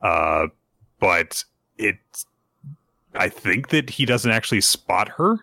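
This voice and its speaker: A man co-hosting a casual podcast chat, recapping comic chapters and acting out the characters' lines in quick put-on voices. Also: on the low side, sing-song, pushed and bright, no room sound. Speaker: podcast co-host recapping manga.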